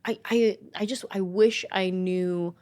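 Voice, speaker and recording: A woman in her forties from San Jose, California, a comedian guest telling her story in a casual interview, animated. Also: mid-range voice, slow pace. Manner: animated, acts out quoted voices.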